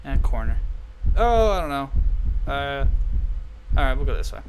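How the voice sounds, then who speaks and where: A man's voice: mid-range voice, big pitch swings, moderate pace, slight background noise, rough recording. A young man commenting nervously on a horror game, muttering and repeating nope again and again. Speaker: gaming YouTuber.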